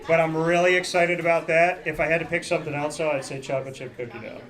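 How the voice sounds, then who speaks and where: A man hosting a casual live interview in a restaurant, teasing and telling animated stories. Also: a little high, quick pace. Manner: playful, teasing, animated storytelling. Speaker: host. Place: busy restaurant. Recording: noisy restaurant crowd. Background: crowd chatter.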